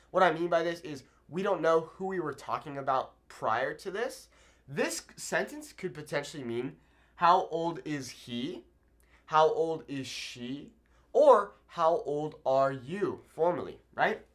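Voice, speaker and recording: A man's voice: a little high, big pitch swings, unhurried, fairly bright tone. A man teaching a Spanish lesson at a whiteboard, explaining patiently and checking in with "okay?" after each point. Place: room with a whiteboard.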